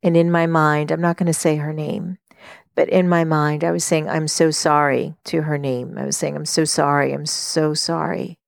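A middle-aged woman hosting a podcast, telling a personal story in an earnest, reflective way, with many pauses and fillers. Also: sits low, little pitch movement, creaky, dry recording, clean studio sound. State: tearful while telling a story. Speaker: podcast host and life coach.

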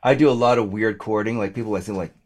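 A man's voice: lowish voice, steady tone, fast talker, darkish tone. A man, a guest singer-songwriter, chatting casually and rambling with lots of fillers. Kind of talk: casual chat.

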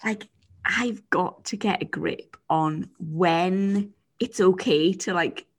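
A woman's voice: on the low side, slow pace, breathy edge. A young woman co-hosting a podcast, telling stories in a rambling, giggly way with lots of "like"s. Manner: rambling, giggly storytelling with many likes. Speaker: podcast co-host. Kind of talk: casual chat.

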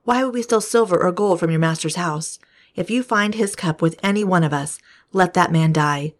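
A woman's voice: fairly low pitch, moderate pace, lightly acted. A woman reading the lines of a group of adult brothers protesting their innocence. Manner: protesting, earnest read-aloud delivery.

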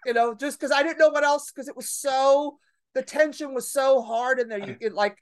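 Brash, profane woman comedian, higher voice. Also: moderate pace. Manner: brash, profane, animated storyteller. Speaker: comedian guest. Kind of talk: storytelling in a podcast conversation.

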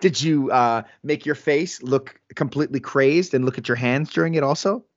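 A man co-hosting a podcast in casual chat, animated, laughing often and acting out quotes. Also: mid-range voice, moderate pace, highs cut off. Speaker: podcast co-host.

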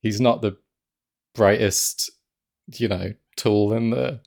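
A man's voice: on the low side, steady tone, slow, vocal fry, darkish tone. A man co-hosting a podcast, chatting casually about a film, joking and laughing often. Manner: jokey, laughs often, quotes lines in mock voices. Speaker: podcast co-host. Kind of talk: casual chat reviewing a film.

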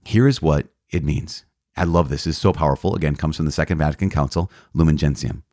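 A man's voice: very deep voice, brisk, a little mellow, no room sound, clean studio sound. A man, a priest, teaching from the catechism in an earnest, emphatic way, often restarting and correcting himself.

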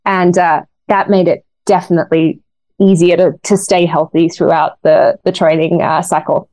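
A woman's voice: on the low side, flat delivery, moderate pace, darkish tone, no echo. A woman in her thirties, a guest in an interview, telling a personal story in an earnest, emotional way. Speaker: guest, actress. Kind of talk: casual interview talk.

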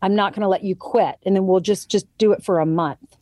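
A woman's voice: mid-range voice, fairly even intonation, fairly quick, dark tone, no room sound, clean studio sound. A woman in her thirties chatting as a guest and telling a parenting story, quoting others vividly as she goes. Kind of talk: casual chat.

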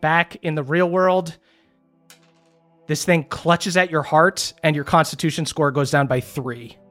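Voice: mid-range voice, fairly even intonation, measured pace, fairly bright tone, soft background music. A game master narrating a tabletop game in a casual manner, laughing and swearing freely.

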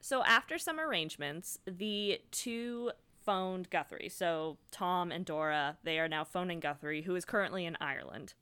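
A woman's voice: fairly low pitch, expressive, normal speed, few pauses, sharp tone, smooth. A woman co-hosting a podcast, telling a history story in casual chat and laughing often. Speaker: podcast co-host.

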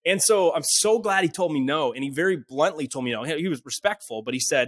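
A man in his twenties, from a small town in Canada, talking as a podcast guest. He tells his story in a lively, casual way and acts out the dialogue he quotes. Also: a little high, fast talker, hardly any pauses, no room sound. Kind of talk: animated storytelling in conversation.

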